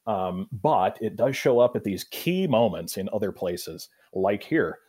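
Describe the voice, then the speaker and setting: A man, a pastor, explaining a Bible passage in a thoughtful, unhurried way, often pausing with fillers and restarting sentences. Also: on the low side, animated, dark tone, breathy edge. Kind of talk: Bible study discussion.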